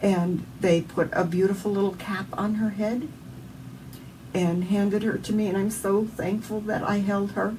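A woman's voice: mid-range voice, flat delivery, measured pace, darkish tone. Earnest Southern woman sharing a testimony. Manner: earnest, heartfelt storytelling. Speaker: interview guest. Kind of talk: emotional personal testimony. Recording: distant mic with faint background noise.

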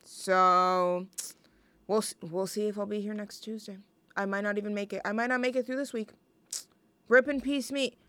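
A woman's voice: medium pitch, fairly even intonation, moderate pace, fairly bright tone. A young woman hosting a student radio show, chatting casually between songs in a rambling, self-deprecating, jokey way. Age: young adult.

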